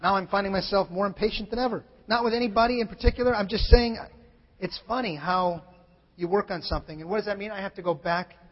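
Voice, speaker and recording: A man preaching a sermon as pastor. He swings from shouted scripture to quiet, candid confession. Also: high voice, quick pace. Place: church sanctuary. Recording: muffled sound in a large reverberant hall.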